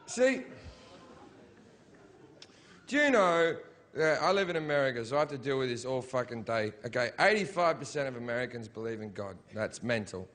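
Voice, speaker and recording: A man doing a stand-up routine before a live audience, profane and mocking, building up to shouted rants. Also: medium pitch, expressive, normal speed, pauses often. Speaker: stand-up comedian.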